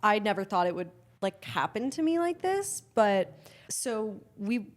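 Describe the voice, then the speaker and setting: A woman's voice: mid-range voice, very animated, unhurried. A woman telling a story in casual podcast chat, with many restarts and free swearing. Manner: swears freely. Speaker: guest.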